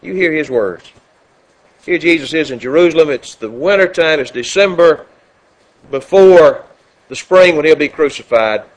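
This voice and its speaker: A man preaching a sermon, who gets loud and high when he quotes scripture and drops low and soft for his asides. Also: lively intonation, moderate pace, rough recording.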